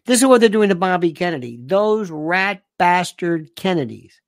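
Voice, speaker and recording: A woman's voice: lowish voice, animated, moderate pace, no echo, clean studio sound. A woman giving a political commentary monologue, indignant and sarcastic, who hammers points by repeating phrases. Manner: sarcastic and scornful.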